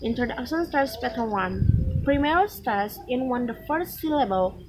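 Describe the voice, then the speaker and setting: A woman reading a pronunciation lesson aloud from a textbook, slow and careful, with restarts and small slips. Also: on the high side, expressive, noisy background. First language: Malay.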